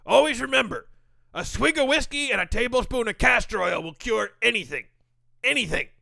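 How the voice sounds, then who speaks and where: A man's voice: very high voice, expressive, fairly quick, sharp tone, no room sound, heavily acted. A man playing a cranky, ancient baseball veteran in a comedy sketch, who rants, grumbles and threatens to thump people with his cane. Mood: gruff. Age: older. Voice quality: gravelly. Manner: grumpy, ranting, barking.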